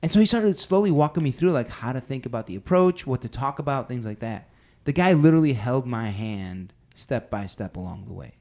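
A man's voice: mid-range voice, fairly quick. An American man hosting a casual podcast, joking around and laughing often. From United States. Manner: animated, jokey, laughs often. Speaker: podcast host.

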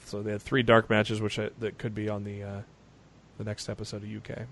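A man's voice: on the low side, monotone, fairly quick, gravelly, a bit bright, slight background noise. A man co-hosting a podcast, recapping the news casually and rambling with frequent fillers and restarts. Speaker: podcast co-host.

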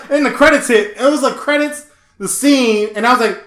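A man's voice: sits high, fast, roomy sound. A man co-hosting a casual podcast chat, telling stories with lots of swearing and laughter. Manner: animated, profane, laughing storyteller. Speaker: podcast co-host.

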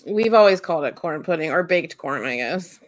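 A woman's voice: deep voice, lively intonation, moderate pace, dry recording. Fields: Sex: woman. Origin: Central Ohio. Role: podcast co-host. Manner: rambling, giggly, dry sound. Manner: rambling, giggly asides, many fillers. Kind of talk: casual chat.

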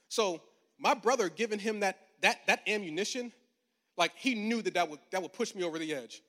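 High-voiced preacher in his forties, echoing hall. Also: expressive, brisk, bright, forceful tone. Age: 40s. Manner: conversational and humorous, building to emphatic preaching. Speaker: pastor. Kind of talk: storytelling sermon. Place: large church auditorium. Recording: long hall reverb.

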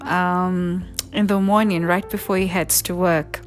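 A young woman telling a candid personal story in a conversational way, sometimes dropping to a soft near-whisper. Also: medium pitch, measured pace, soft background music.

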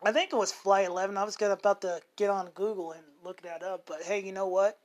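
A man's voice: high-pitched, steady tone, fast talker. Rambling, profane man telling a story. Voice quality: rambling, with many self-corrections and fillers. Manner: swears freely. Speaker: show host. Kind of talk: unscripted casual monologue.

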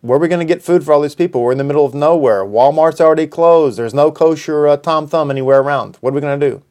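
A man voicing a crowd of flustered disciples fretting about food, asking hurried, anxious questions. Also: on the high side, darkish tone, close to an everyday voice. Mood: worried.

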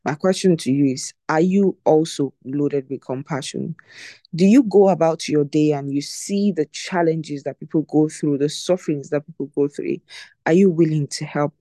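Devotional teacher, mellow tone, dry sound, emphatic and repetitive, asks rhetorical questions. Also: mid-range voice, no room sound.

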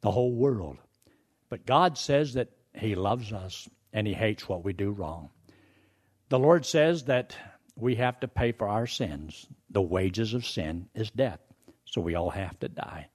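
A man preaching a sermon, telling a story in a folksy, animated way and acting out the scene. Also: lowish voice, unhurried.

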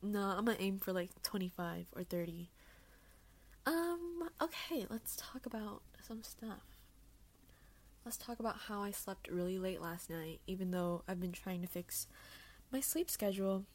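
A woman's voice: medium pitch, expressive, measured pace, a little mellow. A young woman hosting her own podcast alone, chatting casually in a bubbly, rambling, self-deprecating way, recorded on an earphone mic. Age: young adult. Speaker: podcast host. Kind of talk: casual solo chat.

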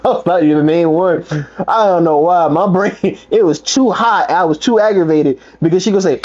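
Young man telling lively stories in casual chat. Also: fairly quick, few pauses. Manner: animated storytelling, acts out quotes with big pitch jumps and laughs. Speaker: podcast co-host. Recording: slightly muffled, lo-fi sound.

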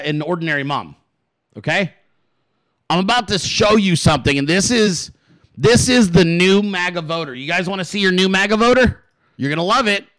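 A man hosting his own show, ranting heatedly about politics and swearing constantly in fast, casual talk. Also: sits high, a bit bright, no echo, poor audio. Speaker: podcast host. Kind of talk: profane political rant.

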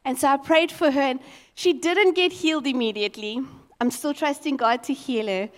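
A woman preaching a sermon as a lively, expressive storyteller. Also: high voice, normal speed, big-room sound.

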